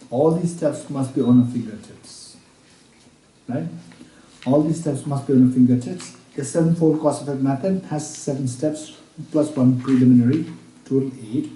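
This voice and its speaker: A man teaching Buddhist practice at a retreat, repeating each point slowly as if dictating, with halting restarts and check-ins with his listeners. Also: mid-range voice, dark tone. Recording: roomy room, speaker far from mic.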